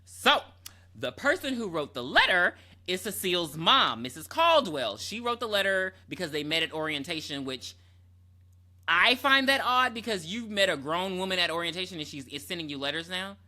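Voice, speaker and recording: A man co-hosting a podcast, retelling a movie plot in casual chat, jumping into quick character voices and laughing often. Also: high voice, big pitch swings, sharp tone. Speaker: podcast co-host.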